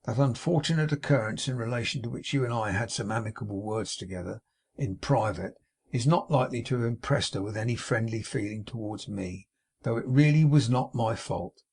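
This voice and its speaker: A man with a gravelly, husky voice playing a meek, polite young man in an audiobook reading. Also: medium pitch, brisk, darkish tone. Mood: earnest. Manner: polite, mild, apologetic.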